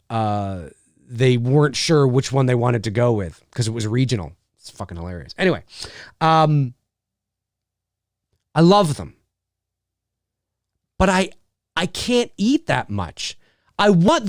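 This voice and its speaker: The voice is on the high side and recorded with clean studio sound, free of echo. It belongs to a man in his thirties hosting a casual livestream who answers viewer questions in a rambling way, laughing a lot and starting sentences over.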